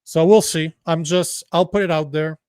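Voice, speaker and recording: A man's voice: fairly high pitch, moderate pace, smooth, no room sound. Rambling French-native man, dry close mic. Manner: rambling, animated, swears freely. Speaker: livestream co-host. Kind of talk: casual political chat.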